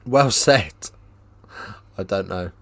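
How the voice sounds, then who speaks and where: A man's voice: deep voice, slow pace, dry recording. Casual man hosting a rugby watchalong. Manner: casual, banters with live chat, lifts into excited play-by-play on tries. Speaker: watchalong host. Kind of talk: live watchalong commentary and chat.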